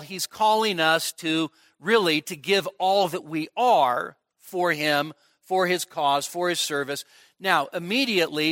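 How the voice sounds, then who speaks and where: A male pastor gives a conversational expository sermon at a midweek service. He often pauses to check in with his listeners. His voice sits a little high and sounds bright, and the recording is dry and close. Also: no echo.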